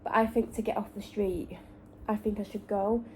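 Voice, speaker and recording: A woman's voice: medium pitch, steady tone, normal speed, dark tone, slight background noise, low-quality recording. A woman from North West England with a Lancashire accent and traces of Manchester, chatting candidly and rambling in a casual vlog from a parked car. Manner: rambling, candid, self-correcting. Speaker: vlogger. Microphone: camera or phone in the car.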